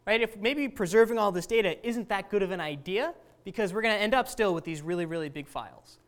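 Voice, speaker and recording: A woman's voice: mid-range voice, fast talker. Woman teaching a class. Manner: conversational, asks the class questions, says "right?" often. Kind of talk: classroom lecture.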